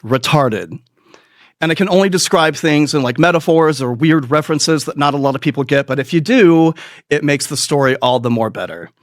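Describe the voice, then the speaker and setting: A man's voice: fairly high pitch, expressive, moderate pace, dry recording. A man hosting a comedy podcast, telling crude, rambling stories in a profane, self-mocking way and laughing at his own jokes. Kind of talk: crude comic storytelling monologue.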